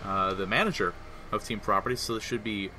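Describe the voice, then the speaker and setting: A man casting a live game as host, chatty and animated with the audience. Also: fairly low pitch, a little fast, over a noisy crowd. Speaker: esports caster.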